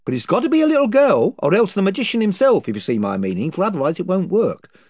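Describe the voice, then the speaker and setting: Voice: mid-range voice, very animated, fast, darkish tone, slightly rough, dry recording, studio quality, voice pushed up. A reader voicing the rambling, folksy chief of a band of invisible creatures, who is both servile and threatening.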